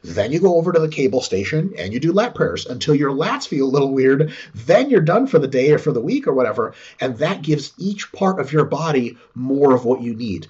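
Husky, animated man swearing freely. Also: mid-range voice, fairly quick, hardly any pauses. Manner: profane, animated, acts out quotes. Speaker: guest expert. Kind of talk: casual explanatory chat. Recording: dull lo-fi sound.

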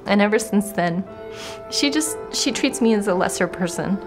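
A woman in her twenties giving a candid documentary interview, soft-spoken and hesitant, with many pauses and fillers. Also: mid-range voice, expressive, over music.

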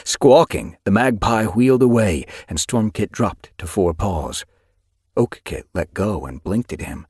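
A man reads an audiobook in a deep, husky voice. His storytelling swings lively up and down. The recording is dry and close. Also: a little slow, no room sound. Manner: expressive storytelling. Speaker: audiobook narrator. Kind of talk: scripted narration.

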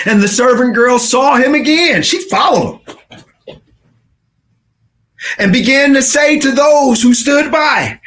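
Man preaching, high voice, slow delivery, dramatic, shouting then hushed. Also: animated. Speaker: pastor. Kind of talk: sermon.

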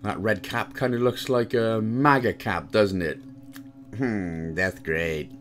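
A man's voice: slow pace, over music. A man from Wales giving casual, joke-filled commentary as he walks through a video game guide. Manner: chatty, jokey asides, lively pitch swings.

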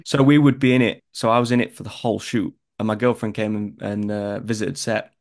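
A young man from northern England with a Northern English accent, an actor chatting in an interview and telling stories in a lively way. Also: fairly low pitch, a little fast. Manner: chatty, animated storytelling. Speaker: actor guest. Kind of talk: casual interview chat.

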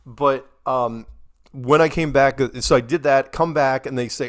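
As an interview guest, this middle-aged man from the United States rambles through long stories, quoting dialogue and often restarting. He speaks in a steady mid-range voice at a measured pace, in a casual storytelling conversation.

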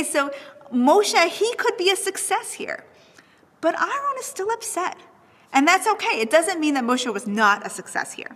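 Bright, breathy woman lecturer, thoughtful. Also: high voice, in a large hall. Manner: animated, thoughtful, frequent "right?" checks. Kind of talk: online lecture on texts.

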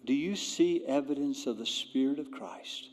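A man preaching a sermon as pastor, swinging between loud emphatic appeals and hushed, near-whispered storytelling. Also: medium pitch, normal speed. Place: church sanctuary. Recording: long church-hall reverb, faint music.

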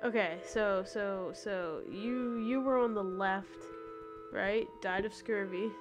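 A woman's voice: medium pitch, slow, soft background music. Giggly woman streaming a game. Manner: giggly, rambling, reads game text aloud. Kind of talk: live game commentary.

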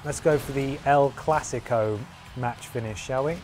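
A man's voice: mid-range voice, normal speed, music in the background. A man streaming a wrestling game, calling the action as mock commentary with a playful, jokey manner. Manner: playful, jokey, breaks into humming and sound effects.

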